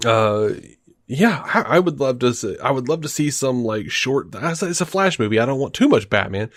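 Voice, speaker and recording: A man's voice: medium pitch, lively intonation, normal speed, dry recording, studio quality. A man co-hosting a podcast in casual chat, enthusiastic and rambling, laughing often. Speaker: podcast co-host.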